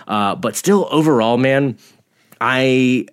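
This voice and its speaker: A man co-hosting a podcast, chatting casually and excitedly about a TV episode, laughing often and swearing freely. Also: medium pitch, slow, clean tone. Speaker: podcast co-host. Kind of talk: casual TV rewatch podcast chat.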